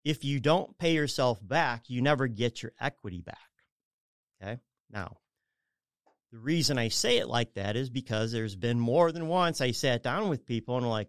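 Clear-voiced man explaining money matters. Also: medium pitch, animated, normal speed, dry recording, clean studio sound. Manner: rambling, self-correcting, acts out clients' voices. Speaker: mortgage advisor guest. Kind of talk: casual radio talk explaining finances.

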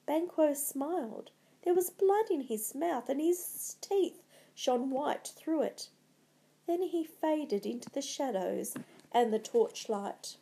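A woman narrating a storybook in a dramatic, measured way. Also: high-pitched, lively intonation, vocal fry, dark tone.

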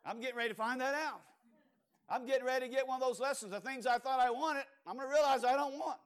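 A Cajun preacher with a notably high voice for a man. He delivers his sermon in a storytelling way, pauses on fillers and restarts, and keeps asking the congregation whether they agree. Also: steady tone. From Louisiana. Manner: storytelling with rhetorical questions to the congregation and frequent fillers.

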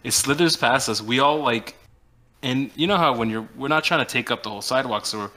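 A man's voice: medium pitch, a little fast. A man co-hosting a casual podcast, telling stories animatedly and acting out quoted lines. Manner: animated storyteller, acts out quotes. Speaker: podcast co-host. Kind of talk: casual chat.

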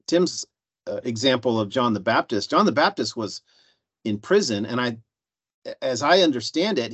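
A man's voice: mid-range voice, husky, dry recording. A man in a church panel discussion who speaks hesitantly, with many fillers and restarts. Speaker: panel member. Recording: slightly dull dry sound.

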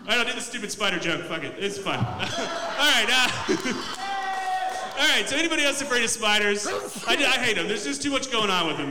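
A young man doing a loose, profane, self-mocking stand-up set in a comedy club. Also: high-pitched. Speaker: stand-up comic. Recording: echoey club room mic.

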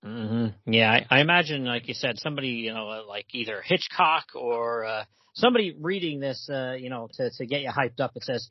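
A man's voice: mid-range voice, animated, brisk, hardly any pauses, no room sound, dull audio. A man co-hosting a comics podcast in casual chat, talking in a hesitant, chatty way with many fillers.

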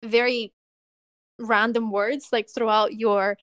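A young woman from Russia hosting a podcast, telling stories in a chatty, animated way with lots of "like". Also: on the high side, slow pace, clear, resonant tone, no room sound, studio quality. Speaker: podcast host. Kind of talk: casual chat.

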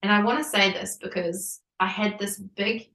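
A woman in her thirties recounts a personal story with animated energy, laughing and saying "like" often. She sits a little back from the microphone. The room around her rings. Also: mid-range voice, moderate pace, roomy sound, distant mic, poor audio. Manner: animated, laughing, many likes. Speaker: podcast guest.

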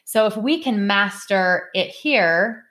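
A woman's voice: mid-range voice, animated, slow pace, fairly bright tone. A middle-aged woman hosts a casual podcast chat. She speaks in a candid, heartfelt way and repeats herself to drive a point home.

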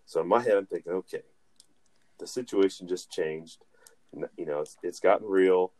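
A man's voice: low voice, moderate pace, mellow. A man co-hosting a podcast, telling a rambling, casual story and laughing along the way. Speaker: podcast co-host.

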